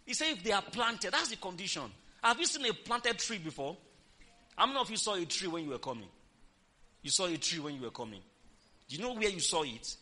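A woman pastor with a fairly low, sing-song voice preaches an emphatic sermon at a fairly quick clip. She fires rhetorical questions at the congregation and breaks into loud exclamations.

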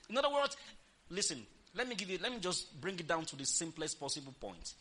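Animated woman pastor preaching. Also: on the low side, brisk, slightly rough. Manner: emphatic, rhetorical questions, bursts of loud exclamation. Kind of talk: lively sermon to a congregation.

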